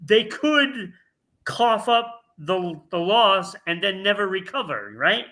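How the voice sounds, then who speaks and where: A man co-hosting a casual sports talk show, dropping quick asides and wisecracks. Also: high-pitched, sing-song, bright, forceful tone. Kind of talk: casual sports picks chat.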